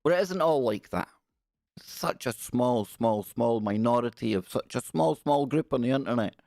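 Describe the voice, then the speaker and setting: A man's voice: mid-range voice, expressive, normal speed, creaky, a little mellow, no room sound, clean studio sound. A man hosting a casual livestream, joking wryly and reading news passages aloud. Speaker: livestream host. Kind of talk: casual live-stream commentary.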